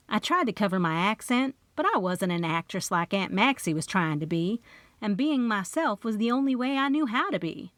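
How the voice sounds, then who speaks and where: A woman's voice: mid-range voice, animated, normal speed, no room sound. Woman narrating an audiobook. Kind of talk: first-person audiobook narration.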